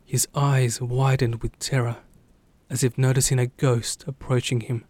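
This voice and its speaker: A man giving scripted, steady and dramatic narration of a story. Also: mid-range voice, a little slow, dry recording.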